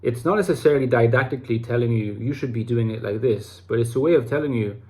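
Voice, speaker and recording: A man at mid pitch talking to his online audience, thinking aloud as he goes. He meanders, doubling back on words and trailing into fillers. The pace is relaxed and reflective rather than polished. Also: fast talker. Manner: rambling, with many restarts and fillers. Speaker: YouTube host talking about personality types. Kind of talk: casual talk to camera.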